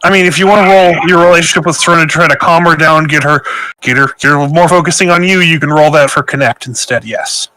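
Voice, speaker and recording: A man running a tabletop game as game master, excitable, laughing often and stammering through restarts. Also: fairly high pitch, quick pace, poor audio.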